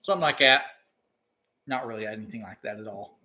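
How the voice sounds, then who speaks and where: A man's voice: fairly low pitch, a little fast. A man and banjo teacher talking casually during a live practice session, rambling loosely through his explanations. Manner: relaxed rambling explanation with sung snippets. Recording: banjo music under the voice.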